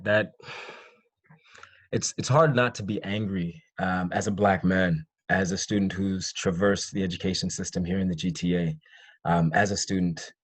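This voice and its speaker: A young man moderating a panel discussion, speaking thoughtfully with halting restarts over a video call. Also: low voice, husky, no echo.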